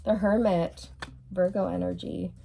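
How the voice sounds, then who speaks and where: A woman with a low-ish, warm voice and some vocal fry reads tarot at a measured pace with a steady tone, over slight background noise. It's a monologue that is blunt and teasing, in which she laughs often, mocks the person the cards describe, and keeps checking in with "okay."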